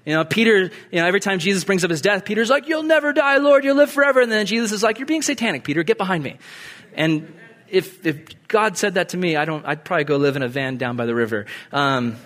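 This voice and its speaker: A man preaching a sermon in an animated, conversational way with casual asides. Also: a little high. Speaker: pastor.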